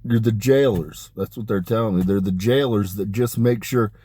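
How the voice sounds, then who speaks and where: Low-voiced man rambling emphatically. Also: normal speed, dark tone, breathy edge. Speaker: spiritual channeler. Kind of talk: casual spoken monologue.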